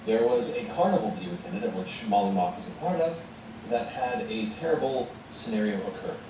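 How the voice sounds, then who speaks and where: Halting man narrating a game recap. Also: fairly low pitch, animated. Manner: loose, halting, with frequent fillers. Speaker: game master. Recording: very echoey room from a distance, with background noise.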